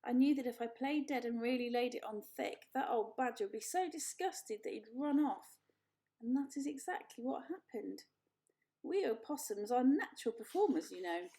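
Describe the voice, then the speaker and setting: A woman's voice: on the high side, lively intonation, moderate pace, warm tone. A woman voicing a chatty, theatrical female opossum in a storybook reading, talking in a dramatic, gushing way.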